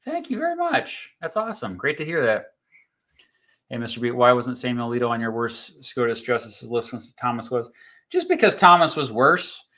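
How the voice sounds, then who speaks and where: This YouTube host talks at a normal speed in a medium-pitched voice that is bright and forceful. On his casual livestream he reads viewer comments and explains court rulings conversationally, with many fillers and restarts.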